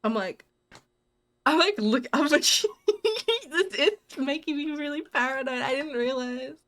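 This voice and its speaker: A woman's voice: high voice, lively intonation, measured pace, fairly bright tone. Giggly, jumpy young woman streamer. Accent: Australian. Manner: jumpy, giggly, squeals and mutters to herself. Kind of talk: live gameplay commentary.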